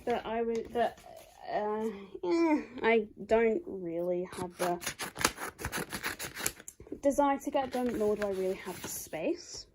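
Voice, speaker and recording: A woman's voice: fairly high pitch, lively intonation, slow pace, pauses often, noisy background. A young woman chatting casually at home as she unboxes items. Her talk rambles and is full of "like". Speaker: YouTuber. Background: faint crinkling of packaging.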